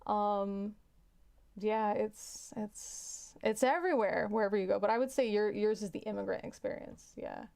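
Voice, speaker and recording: A woman's voice: medium pitch, moderate pace, gravelly, darkish tone. A woman hosting a casual livestream, chatting frankly with viewers and often restarting her sentences. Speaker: livestream host.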